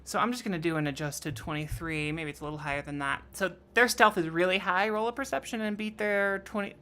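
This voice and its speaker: A woman runs a tabletop game in a low voice. She narrates and calls for rolls with plenty of pauses and fillers. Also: sharp tone. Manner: hesitant, many fillers. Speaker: game master.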